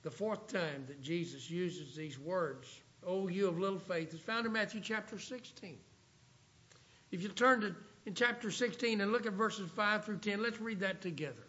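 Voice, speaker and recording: High bright-voiced male preacher. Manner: reads scripture aloud, slows down for emphasis. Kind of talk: sermon. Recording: dull lo-fi recording.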